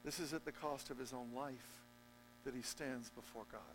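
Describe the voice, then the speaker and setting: A man preaching a sermon as pastor, joking with the congregation and swinging between loud emphatic peaks and low, quiet stretches. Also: fairly even intonation, moderate pace, slight background noise, low-quality recording. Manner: jokey, conversational asides to the congregation.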